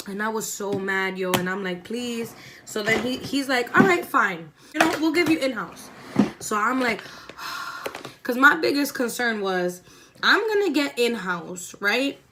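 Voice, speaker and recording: Over a noisy background, a young woman speaks at a moderate pace in a slightly high voice, telling an expletive-filled storytime as she does her makeup indoors at home. She's animated and voices the people in the story herself.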